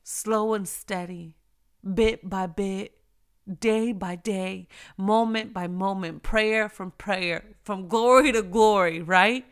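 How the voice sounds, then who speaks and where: Speaking straight to an audience of women, she delivers an encouraging, preachy Christian devotional in a casual tone. Her medium-pitched voice is clear and resonant, and she eases her pace to land the key phrases.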